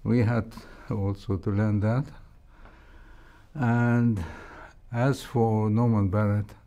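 An older man, a heart surgeon and native Arabic speaker with an Egyptian accent, reflects on his surgical years as an interview guest. His low, mellow voice stays level, and he speaks slowly, measured and full of soft hesitations. The recording's high frequencies are cut off.

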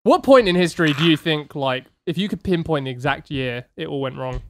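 A man's voice: fairly high pitch, expressive, fairly quick, slight background noise. A man co-hosting a podcast, chatting casually with dry, provocative jokes and casual swearing. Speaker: podcast co-host. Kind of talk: casual banter.

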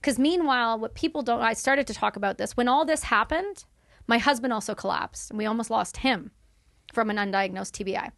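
A woman's voice: on the high side, fairly quick, gravelly, a bit bright, dry recording, studio quality. A woman in her thirties from Canada, a podcast guest telling her story in candid, emphatic conversation. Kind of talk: casual conversation.

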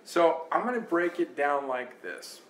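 A man with a high-ish voice and measured pace teaches a casual guitar lesson, playing along on his own instrument. Relaxed, he chats as he plays and counts the beats out loud, in a roomy recording where the guitar comes through loudly.

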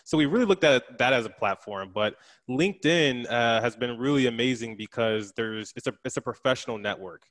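A man's voice: mid-range voice, a little fast, few pauses, fairly bright tone. A man on a panel, speaking in an upbeat way with some filler sounds. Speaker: podcast co-host, panelist. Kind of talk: panel discussion.

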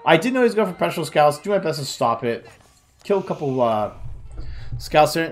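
A tired, yawning young man, a gaming video creator, comments on a replay of his own game, groaning at his mistakes and criticizing himself. His mid-range voice swings widely in pitch at a brisk pace, with faint music in the background.

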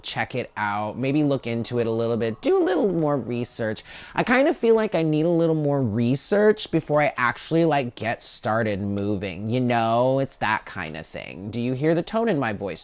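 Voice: medium pitch, dry recording. Chatty tarot reader talking straight to viewers, stumbling and repeating words, in a dry, close sound. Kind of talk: casual monthly tarot reading to camera.

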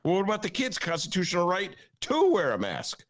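Sarcastic, animated male podcast host. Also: sits high, fairly quick, slight background noise. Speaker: podcast host and newspaper columnist. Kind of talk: political commentary podcast. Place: home attic.

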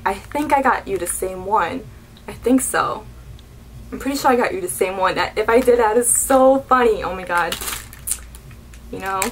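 A woman's voice: mid-range voice, a little hiss or hum, rough recording. Gushing young woman unboxing beauty goodies. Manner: gushing, excitable, keeps saying oh my god. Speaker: beauty vlogger. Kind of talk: unboxing vlog.

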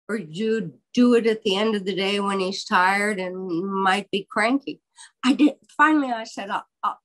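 An older woman, a biographer, telling a long story in an interview in a candid, wry and animated way. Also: medium pitch, low-quality recording.

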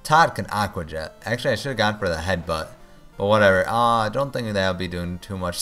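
Excitable man narrating his gameplay. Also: lowish voice, brisk, faint music behind. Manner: excitable, groans and pleads at the game. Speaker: let's play host. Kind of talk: casual gameplay commentary.

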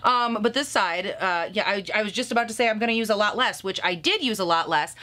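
Woman, 30s, beauty vlogger; bright, punchy tone, casual banter with the odd curse and frequent laughs. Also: medium pitch, expressive, fast talker, few pauses. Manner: bubbly, profane, laughs often, talks to herself. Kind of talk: casual makeup review.

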